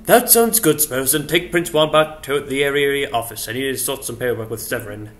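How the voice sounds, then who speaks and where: A man's voice: medium pitch, fairly quick, lightly acted. A man voicing a brash, cocky male bird lawyer with a crude way of talking. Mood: brisk.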